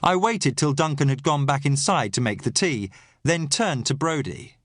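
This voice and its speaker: A man reads a first-person mystery novel with measured, expressive storytelling. His pitch moves a lot across each phrase. The recording is dry and close. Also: no room sound. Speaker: audiobook narrator.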